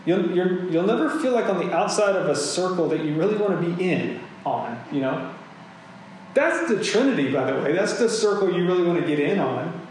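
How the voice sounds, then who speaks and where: A male pastor gives a sermon in a relaxed, conversational tone, slipping in chatty asides. His voice sits a little high and echoes heavily around a large room. A faint hum runs underneath. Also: normal speed. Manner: casual, conversational preaching with asides.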